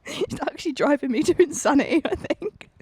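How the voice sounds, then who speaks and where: A woman co-hosting a podcast, prone to giggling and tripping over her words. Her voice is high and husky with a gravelly edge, and it swings through a wide range. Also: animated, a little fast, a little mellow, no echo. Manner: giggly, self-deprecating, stumbling over words. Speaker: podcast co-host. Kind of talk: casual chat and reading aloud.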